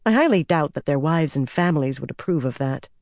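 A man reading an audiobook, voicing a sharp-tongued, proud woman leader with crisp, exasperated retorts. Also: low-pitched, expressive, brisk, no room sound, studio quality. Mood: tart.

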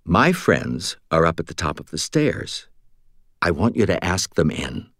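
A man's voice: low voice, sing-song, unhurried, fairly bright tone, dry recording, studio quality, heavily acted. A man voicing a small, tough, blunt woman police officer in an audiobook. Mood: coaxing. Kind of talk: audiobook character reading.

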